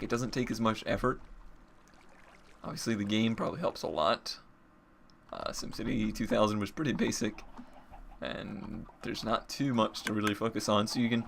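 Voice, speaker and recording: A man's voice: on the low side, creaky, fairly bright tone, slight background noise. A man giving casual gameplay commentary as he builds, thinking aloud and restarting his sentences. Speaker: Minecraft let's player.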